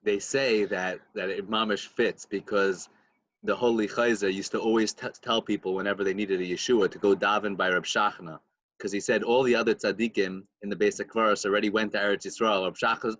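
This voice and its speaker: A man co-hosting a podcast, adding a story point in a calm, reflective way. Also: on the low side, brisk, a little hiss or hum, low-quality recording. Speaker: podcast co-host. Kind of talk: casual chat.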